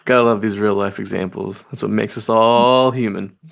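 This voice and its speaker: A man hosting a casual webinar, upbeat and relaxed as he moves through audience questions. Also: lowish voice, moderate pace, vocal fry, lo-fi sound. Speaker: webinar host.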